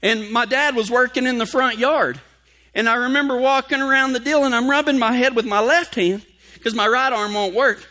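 Bright, high-voiced preacher man. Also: fairly even intonation, normal speed. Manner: folksy storytelling, drops to a hushed tone for scripture. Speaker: pastor. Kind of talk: sermon with personal story.

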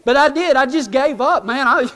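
A man's voice: very high voice, moderate pace, sharp tone. A man telling a humorous, self-mocking story in folksy rural speech to a live audience. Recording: long hall reverb.

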